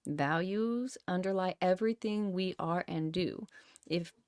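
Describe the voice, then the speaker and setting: A woman's voice: lowish voice, unhurried, a little mellow, clean tone, dry recording. Woman reading a book aloud, dry sound. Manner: reads, rereads and comments with swearing. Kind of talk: reading aloud with casual commentary.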